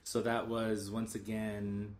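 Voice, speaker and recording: A man's voice: fairly low pitch, completely flat delivery, takes it slowly, a little mellow. A man co-hosting a podcast in casual chat, teasing his partner with dry humor. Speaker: podcast co-host.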